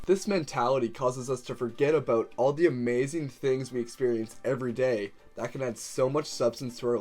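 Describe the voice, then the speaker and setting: An upbeat young man talks through a scripted self-help video at an ordinary pitch, breaking in now and then with playful jokes. Faint music runs quietly underneath him. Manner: upbeat, with joking asides. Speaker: video host. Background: faint background music.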